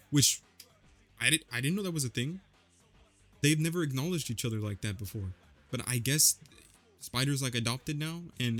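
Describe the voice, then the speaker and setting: A young man casually recapping a movie, rambling with lots of slang and fillers. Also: medium pitch. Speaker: vlogger.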